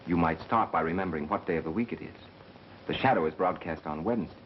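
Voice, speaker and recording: Actor playing a dry know-it-all engineer. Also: male voice, low-pitched, fast talker, a little hiss or hum, close to an everyday voice. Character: cocky, analytical male radio engineer sleuth. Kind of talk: 1930s film acting. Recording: dull 1930s film soundtrack with music.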